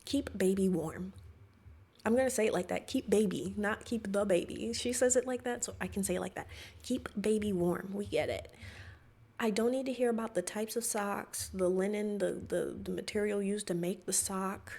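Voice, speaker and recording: A woman's voice: mid-range voice, fairly quick, creaky, a little mellow, husky. Exasperated sarcastic woman reacting to a clip. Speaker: reaction video host.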